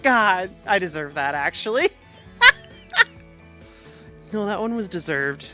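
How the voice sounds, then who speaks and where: Woman streamer just yapping away, bright sharp voice, jokey and goofy, bit of music low in the back. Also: lively intonation. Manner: rambling, jokey, quick to laugh at herself. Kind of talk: casual chat.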